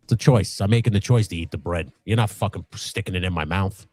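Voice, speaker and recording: A middle-aged man in casual, profane chat as co-host of a live stream, rambling and laughing often. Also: fast. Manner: rambling, animated, laughs often, acts out high voices in stories. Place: home workshop. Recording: dry room with faint music.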